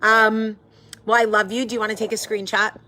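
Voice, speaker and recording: A woman's voice: a little high, flat delivery, fairly quick, bright, forceful tone, slight background noise. A woman from the hosting a casual live video chat with viewers, effusive and chatty. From American South. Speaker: host.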